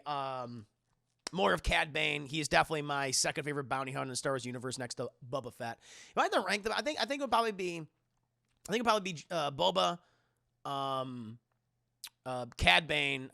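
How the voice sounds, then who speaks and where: A man chats on a livestream in a fast, rambling way, often swearing and laughing. His voice is bright and gravelly with a lively, swooping pitch. The sound is dry and close to the mic. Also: no echo. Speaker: livestream host. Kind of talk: casual chat answering viewer questions.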